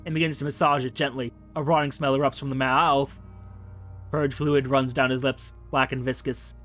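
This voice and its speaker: A man's voice: mid-range voice, level tone, moderate pace, a bit bright, soft background music. A man narrating a detective game, reading the text aloud in a casual way with wry asides. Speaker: game streamer.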